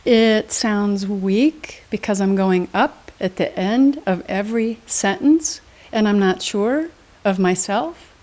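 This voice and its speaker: A woman's voice: medium pitch, slow pace, darkish tone. A woman motivational speaker and trainer, answering in an interview with an emphatic, teacherly manner and quiz-style questions. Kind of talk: interview guest. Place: studio.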